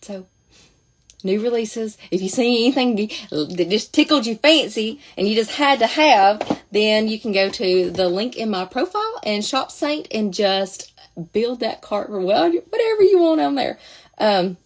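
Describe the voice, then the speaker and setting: A woman's voice: medium pitch, expressive, measured pace. A woman talking casually through a makeup demonstration, chatty and thinking aloud as she goes. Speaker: makeup seller demonstrating products.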